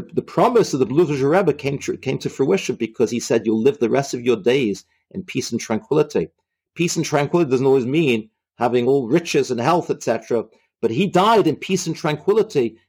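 Man, husky voice, halting religious storytelling, repeats phrases, mid pitch. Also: darkish tone. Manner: halting, repeating himself as he retells.

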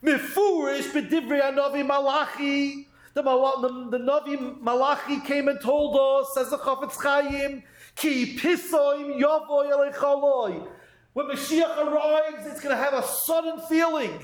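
A very high-voiced man delivers a sermon-style Torah talk. He reads Hebrew phrases slowly, then rushes through the English translation. The echoey room gives his voice a roomy ring. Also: fairly even intonation. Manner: acts out doubters' voices in quotes. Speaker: rabbi giving a Torah talk.

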